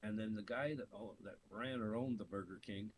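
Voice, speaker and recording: A middle-aged man from Canada telling stories in casual chat, swearing freely and animated, often laughing through his stories. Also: lowish voice, fairly quick, low-quality recording. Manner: profane, animated storyteller with laughs. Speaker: podcast co-host. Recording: faint hiss.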